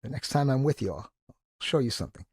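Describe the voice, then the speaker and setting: A man in his sixties, a podcast guest who tells animated, enthusiastic stories and acts out the quotes. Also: medium pitch, fast talker, slightly rough, no echo, studio quality. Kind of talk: casual storytelling interview.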